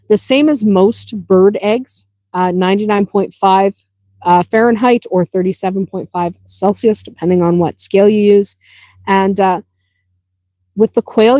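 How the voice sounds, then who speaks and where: A woman's voice: medium pitch, warm tone, no room sound. A woman who runs a small farm, answering viewer questions in a chatty, practical way, laughing easily and driving points home with "okay?". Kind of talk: casual Q&A explanation.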